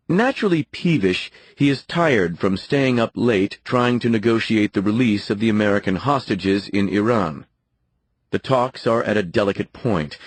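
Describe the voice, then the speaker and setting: A man narrating a nonfiction audiobook in a measured, dramatic storytelling manner. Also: on the low side, no room sound.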